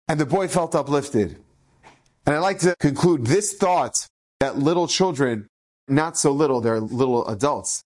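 A man's voice: mid-range voice, unhurried. A man, a rabbi, telling inspirational stories in a Torah talk, acting out the quoted speech. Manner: animated, acts out quoted speech.

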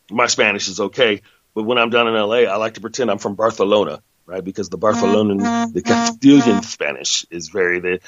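A man's voice: medium pitch, fairly bright tone, no echo. A man casually talking through a long story, rambling, chatty and correcting himself as he goes. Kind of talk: casual monologue. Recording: dull lo-fi sound.

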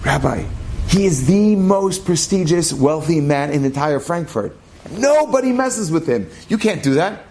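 A man's voice: fairly high pitch, lively intonation, unhurried, a little mellow, a little hiss or hum, pitched above the performer's own voice. Nervous synagogue attendant, as a man plays him, anxious, urging. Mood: alarmed.

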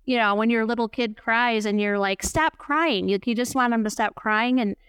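Clear-voiced middle-aged woman, candid and reflective. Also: on the high side, flat delivery, brisk, a bit bright, no echo. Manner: open, reflective, storytelling. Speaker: podcast guest. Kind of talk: candid conversational chat.

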